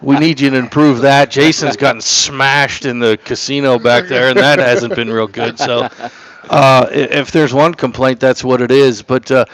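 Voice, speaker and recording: A man's voice: mid-range voice, steady tone, normal speed, crowd noise, poor audio. A man hosting a casual on-location radio interview, joking and laughing, and losing his voice. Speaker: radio show host.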